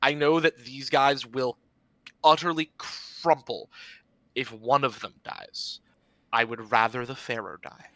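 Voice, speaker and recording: Eager man, bright dry voice. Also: mid-range voice, fairly even intonation, unhurried, no room sound. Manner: eager, playful in-character talk. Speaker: player. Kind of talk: tabletop game play.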